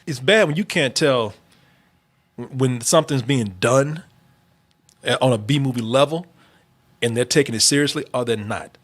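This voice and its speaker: A man's voice: mid-range voice, moderate pace, pauses often. A man hosting a casual movie review chat, talking loosely with lots of laughs, fillers and restarts. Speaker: movie review show host.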